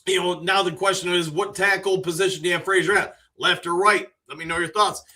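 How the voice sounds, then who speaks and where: A man's voice: high voice, steady tone, fairly quick, bright, forceful tone, recorded from a distance. A man hosting a casual live stream, greeting viewers by name and giving his opinions on their comments.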